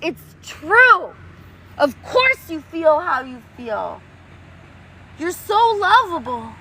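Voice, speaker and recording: High, lively woman streaming outdoors. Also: takes it slowly. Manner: playful, doting and sing-song. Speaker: livestreamer reading chat. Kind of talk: casual livestream chat. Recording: noisy outdoor street recording. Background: traffic noise.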